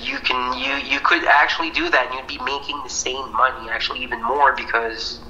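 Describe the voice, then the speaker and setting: A man's voice: medium pitch, steady tone, brisk, pushed and bright, muffled recording, faint music behind. A Canadian man, a comedian guest, riffing sarcastically in casual chat with lots of fillers.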